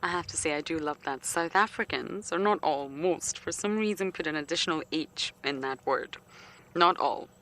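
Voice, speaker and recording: A woman's voice: sits low, normal speed, a bit bright. A woman guiding a live safari broadcast outdoors, chatty and playful, often dropping to a whisper. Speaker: safari guide. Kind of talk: live game-drive commentary. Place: outdoors in the bush. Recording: faint outdoor noise on a live feed.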